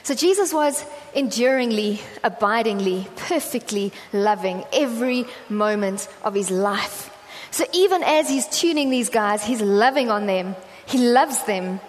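A South African woman with a fairly high voice preaches in a relaxed, conversational way, telling stories and acting out the voices in them. Her words carry a long reverb from a large hall. A faint hum of room noise sits behind her. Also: moderate pace. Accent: South African English. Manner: chatty storytelling, acting out quoted voices. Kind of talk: conversational sermon.

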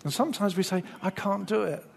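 A middle-aged man preaching a lively sermon, acting out the inner voices of his listeners. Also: high voice, quick pace, creaky, a little hiss or hum.

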